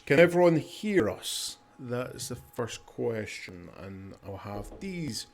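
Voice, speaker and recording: A man running a tabletop game as game master, narrating in a relaxed, halting way. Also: mid-range voice, vocal fry.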